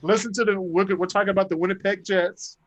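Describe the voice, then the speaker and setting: Casual co-host, man, slightly high voice, laughs a lot, acts out quotes. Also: steady tone, fast talker, slight background noise. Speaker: podcast co-host. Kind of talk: casual chat.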